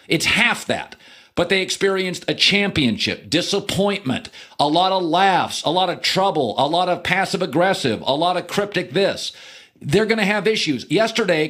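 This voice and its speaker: Animated, high-voiced sports talk man. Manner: animated, joking, swings into mocking impressions. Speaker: sports radio host. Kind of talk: opinionated sports talk monologue.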